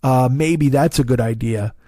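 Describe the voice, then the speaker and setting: A man's voice: medium pitch, unhurried, mellow, no echo. A middle-aged comedian hosting his podcast, telling a rambling, profane, self-deprecating story into a studio mic. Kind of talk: comic storytelling monologue.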